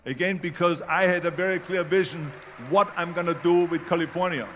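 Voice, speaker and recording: A man's voice: high-pitched, fairly even intonation, brisk, fairly bright tone, a little hiss or hum. A man with a German accent giving a motivational speech, emphatic and repeating key phrases for effect. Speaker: public speaker.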